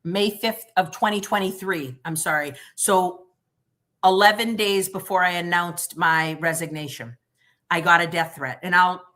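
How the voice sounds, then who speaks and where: Woman, middle-aged, livestream guest, blunt and emphatic, sharp bright tone. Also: on the low side, measured pace. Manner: blunt, emphatic, animated retelling with quoted dialogue. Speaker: former prosecutor, guest. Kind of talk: livestream interview, storytelling.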